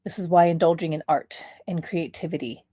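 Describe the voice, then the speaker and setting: A woman's voice: deep voice, fairly even intonation, a little fast, mellow, slightly rough, dry recording, studio quality. Blunt, laughing woman podcast host. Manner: blunt, laughing, acts out quoted voices. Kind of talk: casual livestream talk.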